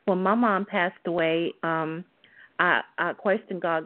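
Radio co-host, woman, earnest and steady, lowish voice, dry phone-band sound. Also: measured pace, dry recording, narrow, tinny audio. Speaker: radio talk show co-host. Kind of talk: casual radio talk, personal storytelling.

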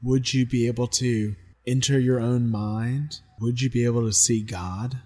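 A man co-hosting a podcast, calmly explaining the sources of online horror stories. His voice is mid-range for a man. He talks in an easy, conversational way. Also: medium pitch, unhurried. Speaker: podcast co-host. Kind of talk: casual podcast chat.

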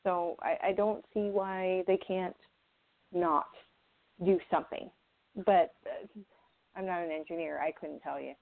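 A woman's voice: on the low side, steady tone, measured pace, gravelly, long pauses. A woman co-hosting a casual news chat show, thoughtful and hesitant, with many fillers. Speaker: co-host. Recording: tinny phone-like line.

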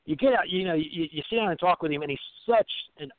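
A man speaking as a guest in a casual phone interview, halting and repeating words, teasing and laughing often. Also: fairly high pitch. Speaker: guest, conference organizer. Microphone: telephone. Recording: tinny dry phone line.

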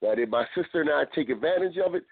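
This podcast host has a slightly high, husky voice and talks in an animated, rapid-fire way during casual chat, often repeating words and restarting phrases. The sound is dry and tinny, like a phone line, with no echo.

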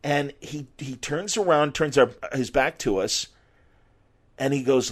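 A middle-aged man, a podcast host, telling an anecdote in an animated, casual way and acting out quotes. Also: mid-range voice, moderate pace. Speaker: podcast host and former sports reporter.

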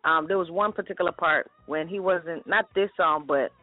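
A woman co-hosting a casual morning talk show, excitable and emotional, talking loosely. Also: lowish voice, moderate pace, dry recording. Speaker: co-host. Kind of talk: casual chat. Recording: tinny phone line, dry, faint music behind.

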